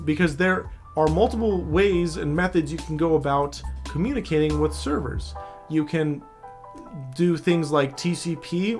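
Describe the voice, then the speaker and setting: This man's voice is fairly high and a little mellow. A cybersecurity instructor, he walks through networking basics in a casual, loose screen-share tutorial, speaking right to the viewer and often checking in with "all right?"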